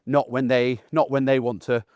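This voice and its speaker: A man, a dog trainer giving a casual, animated lesson outdoors while acting out voices. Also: medium pitch, moderate pace, clear, resonant tone, dry recording. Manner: chatty and animated, acts out the dog's and owner's voices. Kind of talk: casual instructional talk.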